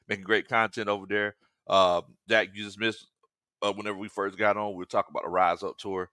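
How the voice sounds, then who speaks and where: A man's voice: fairly low pitch, a little fast, pushed and bright, no echo, clean studio sound. A man hosting a casual sports talk stream, joking, laughing often and reading fan comments. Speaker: sports talk show host.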